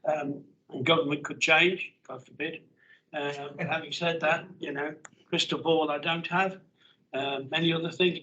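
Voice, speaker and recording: Man, meeting chair, bright voice, fairly high, faint hiss behind. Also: low-quality recording. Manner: brisk, plain-spoken, jokey asides. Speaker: board chair.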